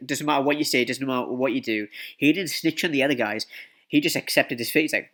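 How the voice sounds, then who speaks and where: Casting: casual storytime vlogger, male, bright and tense, talks in repeats and restarts. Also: mid-range voice, fast. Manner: rambling, repeats words and swears often.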